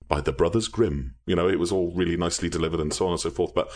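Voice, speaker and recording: A man from Wales with a deep, resonant voice, guesting on a podcast with crude jokes and lots of laughter. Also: racing, darkish tone. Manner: crude joking, laughs a lot. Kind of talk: casual podcast banter.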